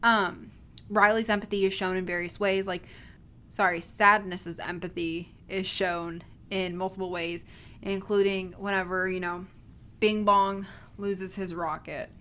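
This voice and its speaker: A woman's voice: medium pitch, flat delivery, unhurried, pushed and bright. A woman in casual conversation, explaining a film's ideas in a chatty way. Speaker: co-host discussing a film. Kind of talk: casual chat.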